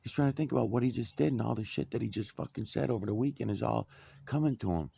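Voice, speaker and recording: A middle-aged man casually telling a personal story, swearing a lot and getting animated. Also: medium pitch, fast, gravelly, husky. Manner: profane, animated, indignant.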